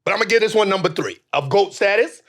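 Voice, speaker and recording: A man hosting a podcast, talking in a casual comedic chat with animated, profane, joking rants. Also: high-pitched, fast talker. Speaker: podcast host.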